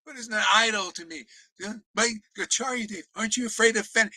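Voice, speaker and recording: A man preaching in an impassioned, confrontational rant, swearing freely, often shouting and mocking others. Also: extremely high pitch, a little fast, no room sound, poor audio. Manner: mocks others in put-on voices. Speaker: spiritual teacher.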